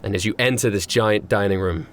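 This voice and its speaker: A man's voice: on the low side, fairly quick, fairly bright tone, a little hiss or hum. Man narrating a tabletop game. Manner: casual, rambling with fillers. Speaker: game master.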